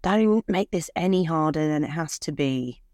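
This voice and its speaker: A woman's voice: low voice, animated, moderate pace, darkish tone, no room sound, studio quality. A woman narrator voicing a cold, dismissive man who speaks in curt, clipped lines.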